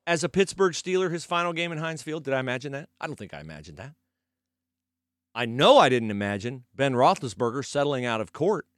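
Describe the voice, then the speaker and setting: A man's voice: medium pitch, a bit bright, dry recording, clean studio sound. A man hosting sports talk, arguing his point with rhetorical questions and sarcastic emphasis. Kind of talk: opinionated sports commentary.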